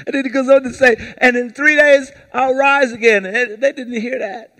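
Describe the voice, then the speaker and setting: Male pastor, high-pitched and forceful, leading call-and-response preaching in a church. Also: normal speed. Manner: lively call-and-response preaching, asks the congregation to repeat words; acts out brief quoted voices in a lowered tone. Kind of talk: sermon. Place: church service before a congregation.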